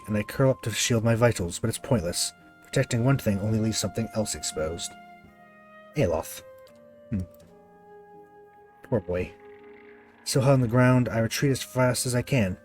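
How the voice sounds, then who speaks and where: A man voicing a troubled young man who quietly and solemnly recalls his painful childhood. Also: on the low side, lightly acted. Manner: quiet, halting, solemn recollection.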